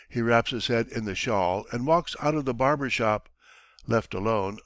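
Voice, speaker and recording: A man's voice: medium pitch, fairly bright tone, no room sound. Man narrating an audiobook, dry sound. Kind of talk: scripted narration.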